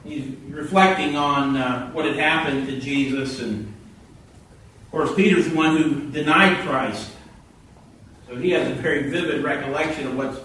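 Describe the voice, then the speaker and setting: A man preaching a sermon, telling stories with animated quoted voices, heard from a distance in a church hall. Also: on the high side, normal speed, slight background noise. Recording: echoey hall from far off.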